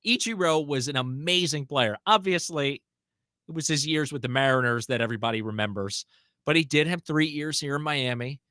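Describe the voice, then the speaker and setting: A man hosting a sports radio show in casual, chatty talk, easygoing and quick to poke fun at himself. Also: fairly high pitch, no echo, studio quality. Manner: relaxed, chatty, self-deprecating. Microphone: studio broadcast mic.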